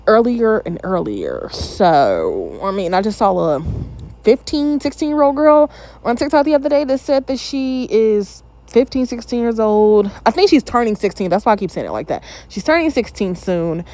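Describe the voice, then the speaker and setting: A woman's voice: on the high side, big pitch swings, normal speed, darkish tone. A woman in her thirties hosting her own channel, giving casual, candid reaction commentary with plenty of opinionated asides. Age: 30s.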